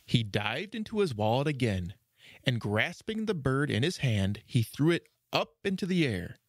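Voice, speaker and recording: Male narrator, fairy tale reading, lively pitch, dry close recording. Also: moderate pace, dry recording. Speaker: storyteller. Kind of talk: storybook narration.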